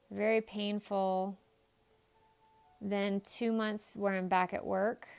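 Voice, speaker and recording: Smooth-voiced woman, candid and blunt. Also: mid-range voice, a little mellow. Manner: candid and emphatic, with blunt swearing. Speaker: psychologist podcast host. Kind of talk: casual podcast storytelling.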